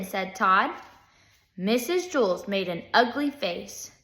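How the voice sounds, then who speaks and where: Slow, bright-voiced woman reading a story. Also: mid-range voice, reverberant. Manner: expressive, unhurried storytelling. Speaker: audiobook reader. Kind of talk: reading a children's book aloud.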